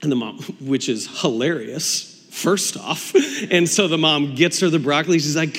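A man preaching a sermon as pastor, telling stories in a conversational, animated way with quick laughs and acted-out asides. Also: on the high side, long reverb tail.

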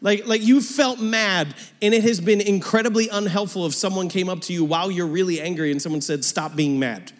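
Joking pastor preaching in a reverberant hall. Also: male voice, high-pitched, brisk, hardly any pauses. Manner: conversational, joking, pulls back to quiet asides. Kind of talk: sermon. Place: church auditorium.

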